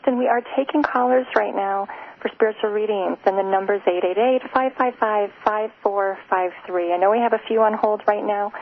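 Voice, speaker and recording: Hesitant woman radio psychic, tinny sound. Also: mid-range voice. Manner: hesitant, many fillers, soft and emotional. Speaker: radio show host and psychic reader. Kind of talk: live call-in psychic reading. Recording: tinny phone-like radio sound, faint noise.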